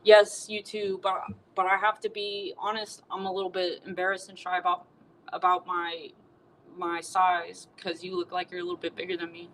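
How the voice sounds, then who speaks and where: A woman's voice: on the low side, completely flat delivery, moderate pace, a bit bright, a little hiss or hum, natural voice, poor audio. A woman voicing an earnest, polite male cowboy who uses folksy exclamations.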